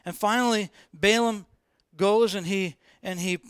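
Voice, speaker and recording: A man preaching a sermon as informal, animated storytelling, repeating phrases for emphasis. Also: high-pitched, a little slow, clean tone, no echo. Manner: animated, repetitive, colloquial storytelling.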